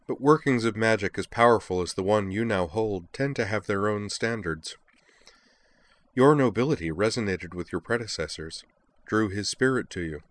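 Gentle firm goddess lady, deep-voiced guy reading her. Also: moderate pace, lightly acted. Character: calm, kind, powerful goddess woman.

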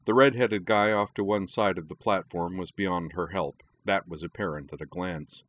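Deep-voiced male audiobook narrator. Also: normal speed, a bit bright, a little hiss or hum. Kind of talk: scripted narration of fiction.

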